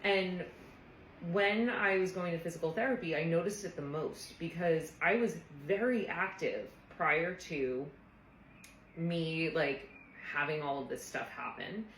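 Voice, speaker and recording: A woman's voice: sits low, measured pace, a bit bright, echoey room, a little hiss or hum, rough recording. A woman therapist telling a personal story in a casual, earnest, reflective way, often saying "like". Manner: earnest, reflective, frequent "like" fillers.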